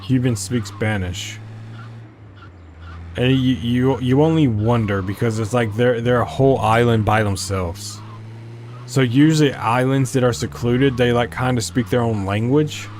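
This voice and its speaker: Unhurried and darkish in tone, a mid-range male voice rambles through casual let's-play commentary, with a little hiss or hum audible. He talks chattily while gaming and keeps asking himself questions.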